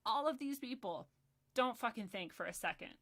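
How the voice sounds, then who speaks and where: A woman's voice: fairly high pitch, animated, normal speed, a bit bright. A woman hosting a livestream, ranting in a heated, profane and sarcastic way, reading the chat now and then. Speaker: livestream host.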